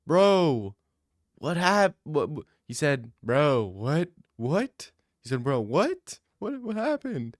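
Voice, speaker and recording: A man's voice: a little high, big pitch swings, takes it slowly, no echo, clean studio sound, pitched above the performer's own voice. A man voicing an exasperated, slangy Jesus who keeps calling someone "bro" and "boy" in disbelief. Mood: incredulous. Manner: incredulous, repeats "bro" and "boy". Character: exasperated slangy Jesus greeting a fighter in heaven.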